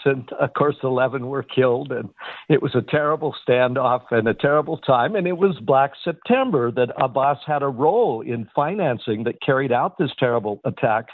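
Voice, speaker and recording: A man in his sixties, a guest analyst on a radio news interview, talking in a measured way with many fillers and restarts. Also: mid-range voice, lively intonation, dry recording. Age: 60s. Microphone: phone. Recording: tinny phone line.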